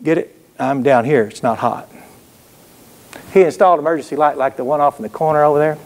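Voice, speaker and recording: A man's voice: on the high side, a little fast, a little mellow. A man preaching a sermon, telling folksy stories and throwing call-and-response asides to the congregation. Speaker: pastor.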